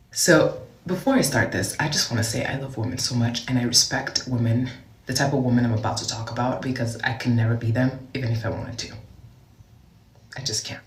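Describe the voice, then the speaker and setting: A man casually telling a dating story time, animated, often raising his voice to mimic other people. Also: mid-range voice, echoey room, a little hiss or hum.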